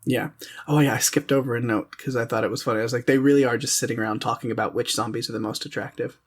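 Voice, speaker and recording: A man's voice: medium pitch, steady tone, fast talker, husky. A man co-hosting a podcast, chatting casually about a film in a wry, sarcastic way and laughing often. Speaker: podcast co-host. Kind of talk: casual chat reviewing a film.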